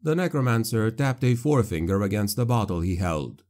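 A man narrating a dark fantasy audiobook in a measured, grave manner. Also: fairly low pitch.

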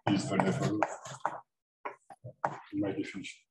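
Halting male lecturer, distant mic, noisy echoey room. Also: low voice, completely flat delivery. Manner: halting, many fillers and restarts. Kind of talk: math seminar lecture.

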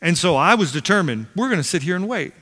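Man, pastor, middle-aged, sermon, animated storyteller, bright and forceful, long church-hall reverb. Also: high voice, fast talker. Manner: animated storyteller, acts out quotes, self-deprecating humor. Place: large church sanctuary.

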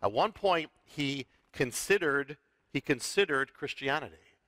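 A middle-aged man, a rabbi, teaching Bible prophecy on a talk show in an animated, storytelling way, often restarting and repeating words. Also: mid-range voice, a little slow, dry recording. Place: TV studio with audience.

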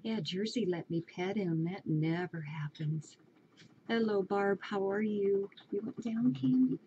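A woman talking to her pets in a soft, cooing, baby-talk manner. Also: medium pitch, measured pace. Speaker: pet owner talking to her animals. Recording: dull lo-fi home recording with clear background noise.

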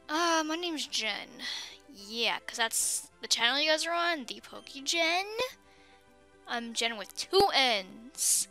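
A bubbly young woman commentates a game, her high voice leaping all over the place. She talks unhurriedly and gushes with excitement, reading on-screen text aloud between reactions, her tone bright and sparkly, with faint music beneath. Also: takes it slowly. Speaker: let's play host. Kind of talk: excited gameplay commentary with facecam.

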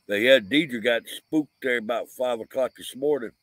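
A man's voice: medium pitch, normal speed, a bit bright, dry recording. A man telling a rambling, folksy story in a casual vlog, full of fillers, outdoors at night by a camper van. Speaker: vlogger, paranormal investigator. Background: crickets and insects.

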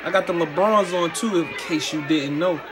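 A young man talking over his own basketball highlights, boasting and calling each move in quick play-by-play bursts. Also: crowd noise. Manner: boastful trash talk, quick play-by-play calls. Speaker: basketball player.

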